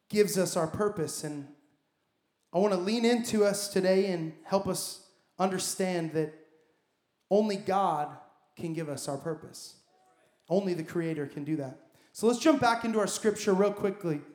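A man's voice: high voice, darkish tone. A man preaching a sermon as pastor, emphatic and building his points with repeated phrases. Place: church sanctuary. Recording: echoey church hall.

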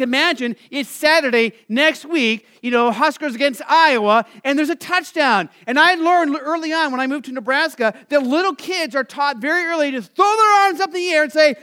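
A man, a Lutheran pastor, preaching a sermon in a conversational way, with lots of "you know" asides, and lifting into energetic emphasis. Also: extremely high pitch, clean tone. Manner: rises to excited, energetic emphasis.

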